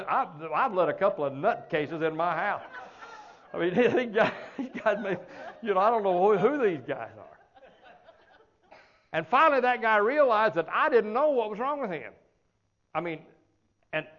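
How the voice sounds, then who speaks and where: Midwestern preacher guy telling a story, kinda high voice, laughs a lot, trips over his words, dull lo-fi recording. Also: animated, normal speed, fairly bright tone. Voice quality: colloquial, chuckling, repeats words at the start of phrases. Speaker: pastor. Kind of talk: folksy storytelling sermon.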